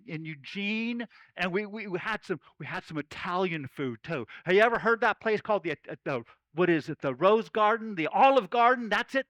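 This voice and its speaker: A man's voice: high voice, a bit bright, no echo, highs cut off. A man speaking as a folksy cowboy storyteller, giving a playful chapel talk to children at camp. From Oregon.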